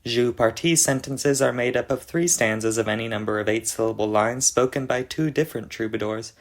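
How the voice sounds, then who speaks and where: A man's voice: mid-range voice, brisk. A man giving a methodical, scripted explanation of an invented language, going through worked examples step by step. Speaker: conlang presenter.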